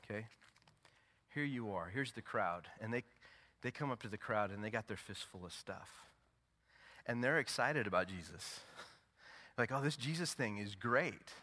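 A man preaching a sermon as pastor, swinging from loud, emphatic peaks to low, intimate asides. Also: expressive, normal speed, pauses often. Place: church sanctuary.

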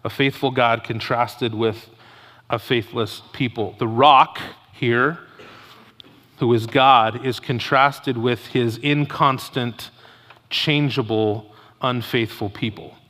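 Bright-voiced man preaching in a reverberant hall. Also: medium pitch, fairly even intonation, slow. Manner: emphatic preaching with Scripture read aloud. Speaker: pastor. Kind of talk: expository sermon.

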